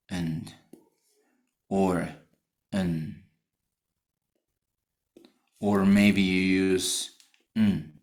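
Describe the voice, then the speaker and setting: A male teacher with a Spanish accent walks his class through a phonetics assignment. His voice sits low and his delivery is slow and careful. He restates and corrects his own phrasing as he explains. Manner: repeats and rephrases himself while explaining.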